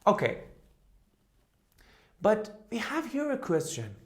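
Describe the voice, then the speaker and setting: A man teaches a beginner language lesson at a very unhurried pace, saying each word several times for learners to echo. His pitch rises and falls widely as he stresses sounds, and he keeps checking in with a quick "okay?" or "huh?". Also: wildly swooping pitch. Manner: slow drilling with constant "okay?" and "huh?" checks. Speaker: German teacher.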